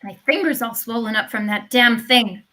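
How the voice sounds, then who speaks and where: An actress reading a proud, fiery young widow in a live video-call play reading, flipping between rage and pleading. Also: female voice, a little high, moderate pace, bright, forceful tone, slight background noise. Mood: torn.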